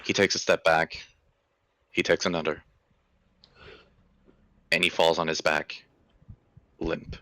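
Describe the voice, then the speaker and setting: A man narrating a horror tabletop game as game master, with slow, deliberate, vivid description. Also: extremely low pitch, level tone, fairly bright tone, no room sound.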